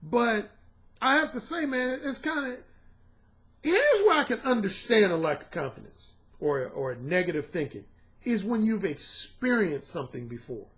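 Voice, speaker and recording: A man's voice: high-pitched, big pitch swings, moderate pace, a bit bright. A man working as a dating coach, talking casually and straight to his audience in a slangy, profane, emphatic way. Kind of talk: casual monologue to camera.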